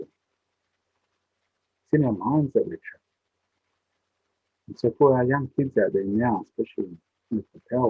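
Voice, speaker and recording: Earnest storyteller, husky voice. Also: male voice, mid-range voice, dry recording. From Western Australia. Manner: earnest, heartfelt, repeats himself. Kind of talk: spoken storytelling to young people. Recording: tinny phone-like sound, dry.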